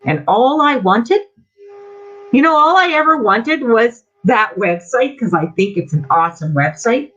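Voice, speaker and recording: A woman's voice: mid-range voice, slightly rough. Angry woman scolding a meeting. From Canada. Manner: angry, accusing, rhetorical questions. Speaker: member addressing a group meeting. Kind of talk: heated speech to a meeting. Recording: dull lo-fi audio.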